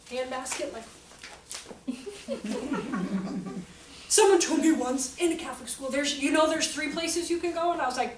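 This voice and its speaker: A woman's voice: sits high, moderate pace, pauses often. A woman giving an informal teaching talk to teachers, chatty and self-mocking, telling funny stories from her classroom. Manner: chatty, joking, self-mocking, lively storytelling. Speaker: workshop presenter for teachers. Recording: echoey room from far off, faint background noise.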